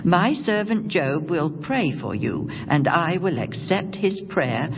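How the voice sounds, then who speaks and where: A storyteller voicing God, who gives a firm and measured rebuke. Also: medium pitch, big pitch swings, creaky, in a large hall, distant mic, heavily acted. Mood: stern. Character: stern, loving divine voice. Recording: dull lo-fi recording with music.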